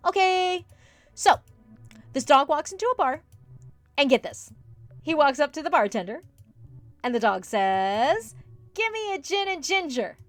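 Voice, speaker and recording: A woman voicing an eager, cheerful male ghost dog who loves jokes, talking high, loud and excitable. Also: measured pace, pauses often, dry recording, faint music behind. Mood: joking.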